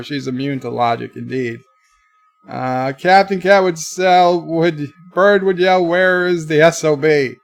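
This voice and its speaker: Man reading livestream chat aloud. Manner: reads viewer comments aloud in a brighter, higher voice, answers them lower and quieter. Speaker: livestream host. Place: bedroom.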